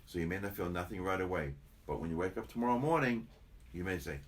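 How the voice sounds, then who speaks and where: A man's voice: low voice, lively intonation, quick pace, slight background noise. An older man, a chiropractor, chatting casually in an interview, rambling and repeating himself as he tells stories. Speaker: chiropractor guest.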